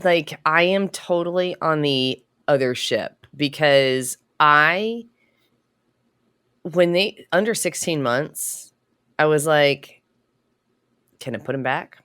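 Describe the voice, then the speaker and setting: A woman with a very low voice, chatting on a casual podcast. She speaks slowly in a relaxed, drawn-out manner. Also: clear, resonant tone. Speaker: podcast co-host.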